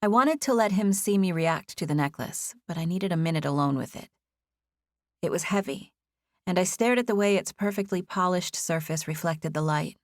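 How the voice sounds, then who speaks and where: A woman with a lowish voice reads a first-person novel aloud in a gentle, expressive way. The recording is close and dry, with no room sound, and she stays measured and warm in her storytelling. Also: dry recording. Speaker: audiobook narrator. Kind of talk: scripted first-person narration.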